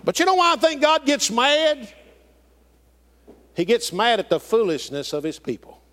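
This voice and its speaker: Animated preacher man. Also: very high voice, moderate pace. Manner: preaching with rising and falling emphasis, folksy phrasing. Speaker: pastor. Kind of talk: sermon.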